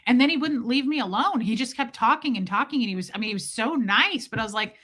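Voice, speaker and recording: A woman from Nebraska telling a self-deprecating travel story on a live stream in a casual, animated way. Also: a little high, fast talker, hardly any pauses, husky. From Omaha, Nebraska, USA.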